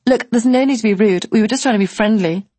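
A woman plays an indignant young model, sharp and defensive. The voice is raised in pitch and a little husky. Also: fast, dry recording, natural voice.

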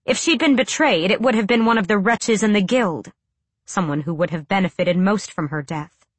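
A woman's voice: medium pitch, normal speed, breathy edge, dry recording. A woman narrating a fantasy audiobook with a dramatic, tense delivery.

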